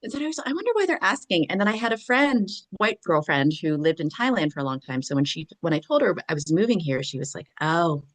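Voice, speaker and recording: A woman from Pennsylvania co-hosting a podcast, telling lively anecdotes and acting out the voices of the people in them. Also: on the low side, fast, few pauses. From eastern Pennsylvania, USA. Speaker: podcast co-host. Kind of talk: casual chat.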